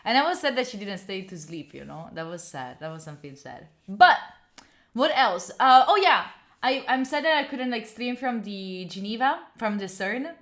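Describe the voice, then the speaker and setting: A woman's voice: medium pitch, very animated, moderate pace, a bit bright. A woman, rambling casually to her live viewers with lots of filler words and the odd swear. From Italy. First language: Italian. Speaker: study streamer.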